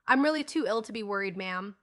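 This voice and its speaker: A gruff, impatient old gentleman who barks his words in a bright, brisk tone, as a woman reads him in an audiobook. He is bossy and short with everyone, snapping back whenever anyone talks over him. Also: mid-range voice, expressive, natural voice. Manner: brusque and impatient.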